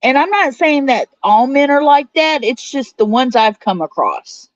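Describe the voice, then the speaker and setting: In an unhurried, sing-song way, a woman with a high voice chats on a casual livestream, reading out and answering what viewers type. The audio is dry and somewhat dull and lo-fi.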